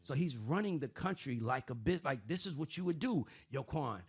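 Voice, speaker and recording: A husky, medium-pitched man talks at normal speed while hosting a casual panel discussion on his podcast. Profane and streetwise, he explains with animated energy, slipping into impressions of other people.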